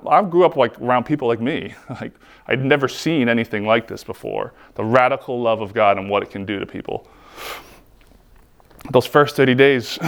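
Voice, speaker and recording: A man sharing his personal faith testimony in an earnest, heartfelt way, often filling his talk with "like". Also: mid-range voice. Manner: earnest, heartfelt, frequent "like" fillers. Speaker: speaker giving a personal testimony.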